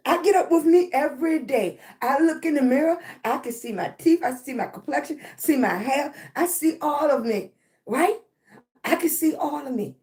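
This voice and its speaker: A woman's voice: high voice, expressive, normal speed, darkish tone. A woman talking on a live stream about self-love, congested in the chest, often asking "right?". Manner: repetitive, keeps asking "right?". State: chest congestion, clearing her throat. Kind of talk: motivational live-stream talk.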